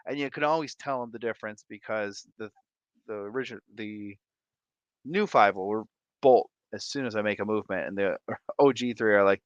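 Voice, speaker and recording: A man hosting a casual livestream from home, reading viewer comments with animated, playful, jokey asides. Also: lowish voice, moderate pace, dry recording, muffled recording. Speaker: livestream host.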